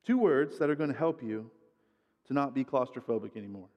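A man voicing a blunt, dismissive male therapist who snaps orders more and more loudly. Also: mid-range voice, expressive, a little fast, in a large hall, muffled recording, natural voice. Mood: calm. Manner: grows louder, snapping orders.

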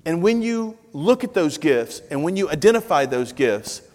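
Middle-aged guy pastor telling stories in his sermon, kinda high voice, long echo like a big church. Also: moderate pace. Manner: animated storyteller acting out dialogue, then earnest exhortation. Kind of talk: sermon with personal storytelling. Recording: long reverb of a large hall.

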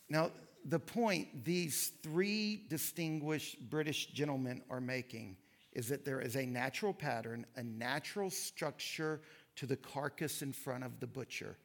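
A man giving a sermon lecture, telling stories and reading quotes with lively emphasis. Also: mid-range voice, a little slow, gravelly. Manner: animated storytelling, reads quotes with emphasis. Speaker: pastor.

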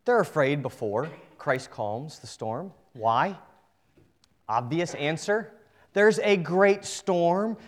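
A male pastor from New England preaching a sermon to his congregation, earnest and direct, swinging between hushed and emphatic delivery. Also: fairly high pitch.

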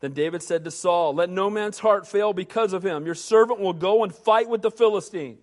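A pastor preaching a sermon, reading scripture and acting out the voices of biblical characters with rising intensity. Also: male voice, high voice, normal speed, long reverb tail.

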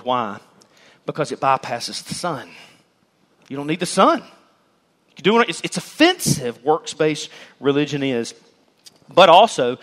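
A man delivers a sermon in a church sanctuary. His voice sits a touch high for a man and swings widely in pitch. He questions the congregation and acts out the people he quotes. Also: fairly bright tone. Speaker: pastor.

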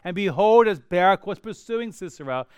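A middle-aged man preaching a sermon, telling stories in an animated way with humorous asides. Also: high-pitched, normal speed, clear, resonant tone, dry recording. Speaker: pastor.

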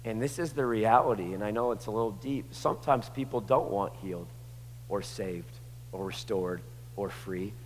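A man's voice: lowish voice, normal speed, a little hiss or hum. Passionate preacher man in echoing hall. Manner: swings from hushed to shouting with passion. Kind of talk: sermon. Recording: long hall reverb.

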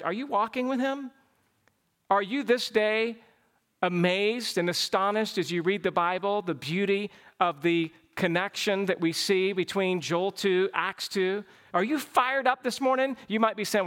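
A man preaching a Sunday sermon to his church and leading the closing prayer, fervent and climbing into excited exclamations. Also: high-pitched, clean tone. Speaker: pastor. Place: church service.

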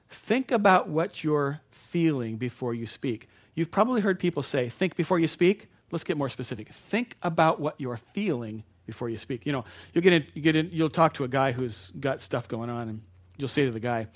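A middle-aged man preaching a sermon in a conversational way, correcting himself and then suddenly getting loud to stress a point. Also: medium pitch. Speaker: pastor.

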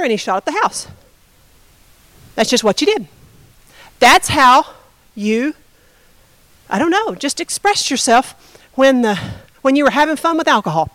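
A woman's voice: sits high, fairly bright tone, dry recording, rough recording. A woman pastor giving a conversational sermon, often asking the congregation questions.

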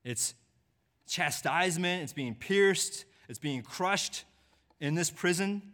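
Man preaching, hushed then pleading. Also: lively intonation, takes it slowly. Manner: swings from hushed low delivery to raised, pleading voice in quoted lines. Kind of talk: sermon.

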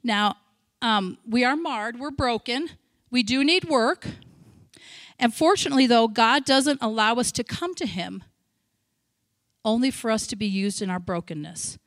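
A woman missionary giving a sermon, telling stories with feeling, breaking into shouted praise and chatty asides. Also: fairly high pitch, unhurried, long pauses, no echo, studio quality. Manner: emotional storytelling, bursts into loud shouted praise; chatty, self-interrupting asides. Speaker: missionary speaker.

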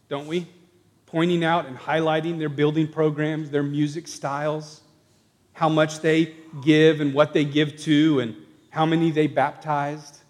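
A man preaching a sermon to his congregation, moving from quiet reflection to raised, emphatic declarations. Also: on the high side. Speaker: pastor. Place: church sanctuary. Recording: long reverb of a church hall.

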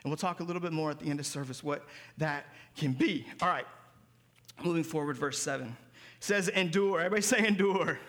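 A man's voice: on the high side, fast talker, fairly bright tone. A man preaching a sermon as pastor, explaining Greek words with emphasis.

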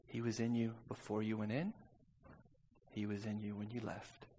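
A man preaching a sermon, telling a personal story and calling out to the congregation for responses, moving from quiet talk to shouting. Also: lowish voice, flat delivery, normal speed, a little hiss or hum. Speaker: pastor.

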